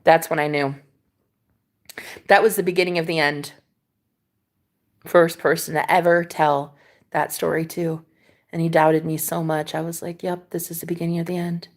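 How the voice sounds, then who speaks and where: A woman's voice: mid-range voice, a bit bright. A woman vlogger chatting casually with her live viewers, telling stories dramatically and swearing freely. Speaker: vlogger talking to live chat. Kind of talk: casual livestream chat.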